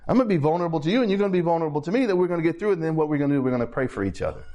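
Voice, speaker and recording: Male preacher, higher-pitched voice, conversational sermon delivery with repeated phrases and check-ins to the congregation. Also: expressive, very fast, warm tone. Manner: repeats and restarts phrases while building a point.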